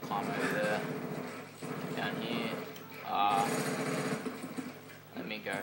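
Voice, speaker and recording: A man's voice: fairly low pitch, slow, pauses often. A man giving casual, joking commentary on his own gameplay, rambling and bantering with viewers. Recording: loud game noise behind.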